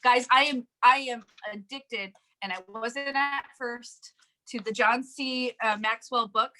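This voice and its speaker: A woman leading a sales team, giving an energetic, emphatic motivational talk with frequent laughs. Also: on the high side, unhurried. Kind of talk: casual motivational chat.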